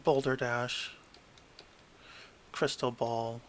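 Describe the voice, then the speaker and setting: A man's voice: mid-range voice, little pitch movement, drawn-out words, fairly bright tone, a little hiss or hum. A man flipping through a tabletop game book, reading passages aloud with wry asides and stumbling over hard words.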